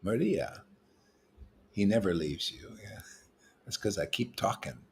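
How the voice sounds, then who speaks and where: A man leading a gathering of devotees, preaching in a loose, slangy, teasing way, with his voice swinging from loud bursts to quiet asides. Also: sing-song, a little slow, creaky, a little hiss or hum. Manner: emphatic and slangy, with swings in loudness and pitch; teasing, playful jokes between serious points. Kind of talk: informal preaching to a small group.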